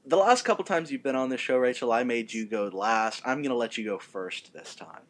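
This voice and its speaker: A man's voice: medium pitch, expressive, a little fast. A man hosting a casual podcast, introducing segments with hesitant ums. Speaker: podcast host.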